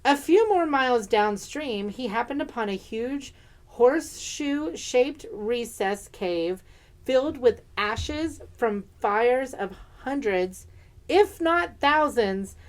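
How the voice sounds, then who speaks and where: A fairly high-pitched woman tells local ghost legends on a podcast, moving between read passages and loose, joking remarks. She speaks casually and drops in swearing and laughter. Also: lively intonation, slow. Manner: reads story passages, chatty asides, swears and laughs. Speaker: podcast co-host.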